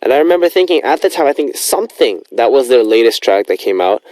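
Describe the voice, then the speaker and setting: A man's voice: mid-range voice, sing-song, fast talker, a little mellow, no echo. A young man hosting a radio show in a studio, chatting casually and rambling with lots of fillers.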